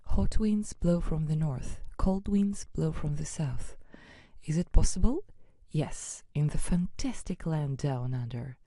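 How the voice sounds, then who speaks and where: A woman's voice: sits low, animated, takes it slowly, mellow, no room sound, clean studio sound, full character voice. A woman voicing a friendly male red kangaroo who chats directly to children as their guide in an educational video. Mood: cheerful. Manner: chatty, addresses children directly. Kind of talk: scripted educational narration.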